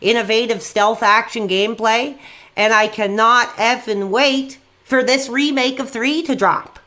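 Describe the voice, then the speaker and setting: A man hosting a call-in livestream, talking in an excitable way, repeating himself and swapping in mild stand-in swears. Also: very high-pitched, measured pace. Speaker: livestream host taking calls. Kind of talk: hyped call-in livestream chat.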